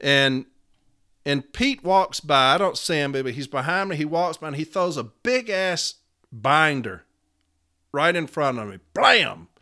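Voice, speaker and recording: A man's voice: a little high, bright, forceful tone. A man giving a fervent, profane speech to fellow union members, telling his own story and pleading with them. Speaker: union speaker.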